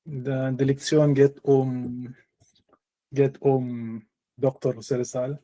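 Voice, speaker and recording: Male guest, deliberate and halting; very dark, low-toned voice. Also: level tone. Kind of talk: casual chat.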